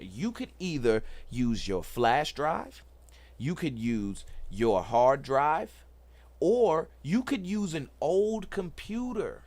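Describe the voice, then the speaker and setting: A middle-aged man hosts a casual livestream tech talk. He is excited and preachy, repeats himself and talks to the chat. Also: medium pitch. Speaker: host.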